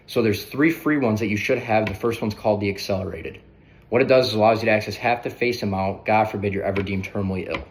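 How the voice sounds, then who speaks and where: A man coaching others through a sales pitch in a brisk, conversational way, often tagging on "right?". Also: a little hiss or hum. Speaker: sales trainer.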